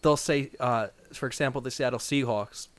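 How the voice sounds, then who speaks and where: A man with a New Jersey accent, a podcast co-host chatting in a measured, easygoing way. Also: mid-range voice. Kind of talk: casual podcast chat.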